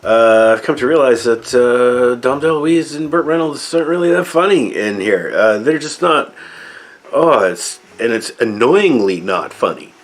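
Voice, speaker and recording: A man's voice: medium pitch, expressive, measured pace. A middle-aged man giving a rambling, sarcastic and profane movie review. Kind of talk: casual spoken movie review.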